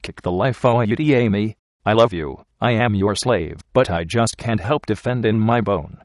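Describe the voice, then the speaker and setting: A man reading the part of a blunt, rough working-class young man who talks in plain, ungrammatical folksy speech. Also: fairly low pitch, measured pace, no room sound, studio quality. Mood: earnest. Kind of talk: audiobook character reading.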